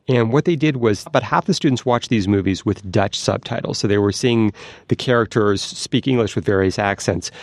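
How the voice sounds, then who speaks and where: A man explaining science news on a podcast in a lively, explanatory way, answering a host's questions. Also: fairly low pitch, vocal fry, no echo. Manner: lively, explanatory, demonstrates sounds.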